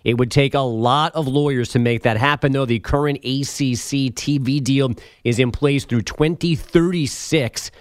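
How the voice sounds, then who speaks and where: A man reading sports headlines as a radio host, brisk and joking. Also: medium pitch, no room sound, clean studio sound. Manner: brisk, joking newsreader delivery. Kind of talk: sports headlines read with banter.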